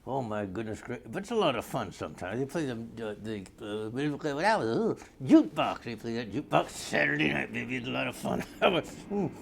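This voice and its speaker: A man's voice: medium pitch, big pitch swings, fast, creaky, hardly any pauses, a little hiss or hum. An older man in a rambling, blustery comedic monologue, easily sidetracked and arguing with imagined callers. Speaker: comedy character newscaster.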